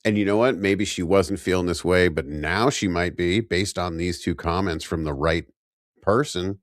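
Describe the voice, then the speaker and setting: A low-voiced man recapping an old TV episode in a loose, rambling way, full of jokey asides. The sound is dry and close, with no room around it. He speaks as a casual podcast co-host. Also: moderate pace, no room sound. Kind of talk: casual chat.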